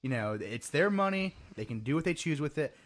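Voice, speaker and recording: A man's voice: fairly high pitch, lively intonation, brisk. A man co-hosting a podcast in casual banter, self-deprecating and laughing often. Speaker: podcast co-host.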